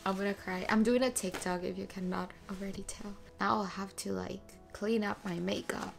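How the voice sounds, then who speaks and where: Young woman, casual vlog, gushing and chatty, slight vocal fry, mid pitch. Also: fairly even intonation, moderate pace, few pauses, faint music behind. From moved to the US as a teen. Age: 20s. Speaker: vlogger.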